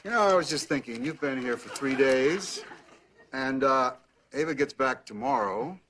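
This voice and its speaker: A man's voice: mid-range voice, expressive, normal speed, natural voice. An actor playing a harried middle-aged father who speaks in a dry, exasperated way. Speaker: sitcom father. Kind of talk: sitcom acting. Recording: loud noisy TV sitcom audio.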